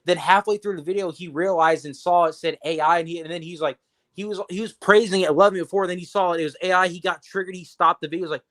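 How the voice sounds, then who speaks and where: A man's voice: high-pitched, steady tone, quick pace, a bit bright. A man ranting on a livestream, angry and profane, stumbling over repeated words and restarts. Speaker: livestream co-host.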